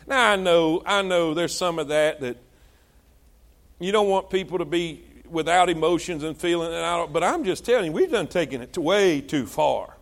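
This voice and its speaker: A male pastor delivers a sermon at a moderate pace, expressive throughout. He calls on the congregation to respond, swinging between shouted exhortation and low, hushed asides.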